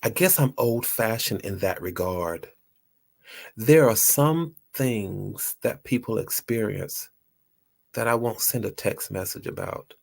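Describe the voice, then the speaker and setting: A man's voice: lowish voice, gravelly. A man hosting a motivational talk, earnest and repeating his phrases for emphasis. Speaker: host.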